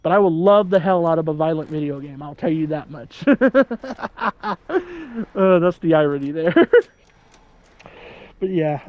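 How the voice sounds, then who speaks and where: Chatty young man with a high voice. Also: no room sound, narrow, tinny audio. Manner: rambling, self-amused, quick to laugh at his own jokes. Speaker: gaming channel host. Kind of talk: casual let's-play commentary.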